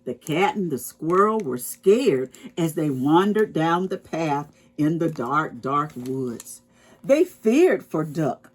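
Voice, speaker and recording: Woman, storytime reader for little kids, unhurried, sing-song pitch, gentle explaining manner. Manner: expressive, slow and explaining to children. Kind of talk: reading a picture book aloud to preschoolers.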